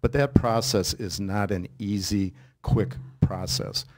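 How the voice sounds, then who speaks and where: An older man, an author and lecturer, answering audience questions in a halting, explanatory way with many restarts. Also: on the low side. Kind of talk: casual Q&A talk.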